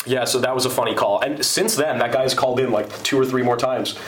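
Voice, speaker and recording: A man's voice: medium pitch, steady tone, a little fast, fairly bright tone. Chatty young man in a roomy station. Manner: loose, chatty storyteller, heavy on "like". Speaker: campus radio show host. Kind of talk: casual anecdote telling. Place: radio station. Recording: roomy room with faint noise.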